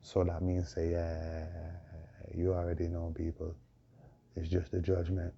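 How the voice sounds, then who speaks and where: Hoarse deep-voiced preaching man, tinged. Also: completely flat delivery, unhurried, dark tone. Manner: proclaiming, repetitive, rhetorical questions. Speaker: self-styled preacher. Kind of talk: preaching monologue. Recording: dull lo-fi recording with faint noise.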